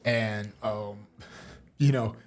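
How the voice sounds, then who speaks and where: A man's voice: on the low side, steady tone, drawn-out words, a crowd in the background. A young man in casual podcast chat, telling a story with lots of laughing, swearing and filler words. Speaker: podcast host and fighter.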